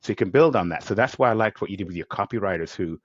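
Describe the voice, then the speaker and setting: A man's voice: lowish voice, lively intonation, racing, no echo, muffled recording. A male podcast host in a conversational interview, talking at length with enthusiasm and acting out quotes as he goes. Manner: enthusiastic, rambling, acts out quotes.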